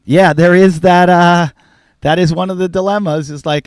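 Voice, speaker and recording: A man's voice: sits high, fairly even intonation, moderate pace, dry recording, studio quality. A middle-aged man hosting a casual podcast chat, telling candid stories and swearing freely. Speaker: podcast host.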